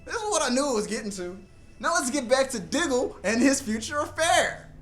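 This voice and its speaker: A young man hosting a live TV reaction, rambling and joking excitedly as he talks over the episode. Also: brisk, soft background music. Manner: excitable, rambling, jumps into high put-on voices for jokes. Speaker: reaction video host.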